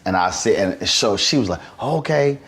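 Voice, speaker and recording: The host, a man with a deep voice and a fairly quick delivery, runs a conversational interview as an animated storyteller who acts out what others told him.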